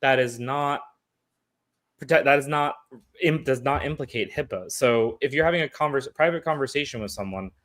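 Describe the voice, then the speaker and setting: A man's voice: medium pitch, normal speed, fairly bright tone. A man on a casual panel show, explaining legal points with a few restarts.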